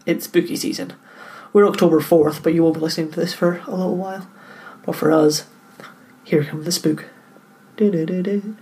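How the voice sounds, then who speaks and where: A woman's voice: sits low, fairly even intonation, brisk, mellow. A woman co-hosting a podcast, teasing and joking in casual chat. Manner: playful and teasing, cracks jokes. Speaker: podcast co-host.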